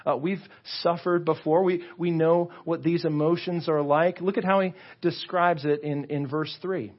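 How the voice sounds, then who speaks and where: A man's voice: on the high side, steady tone, moderate pace, highs cut off. A male pastor preaching a sermon in an earnest, conversational way, often repeating his words. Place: church sanctuary.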